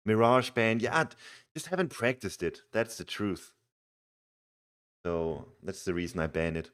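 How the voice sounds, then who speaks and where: A man's voice: lowish voice, a little slow, pauses often, fairly bright tone. A young man streaming a strategy game, chatting casually and reading viewers' messages aloud with easy laughs. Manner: chatty, reads chat aloud, laughs easily. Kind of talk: casual live game commentary.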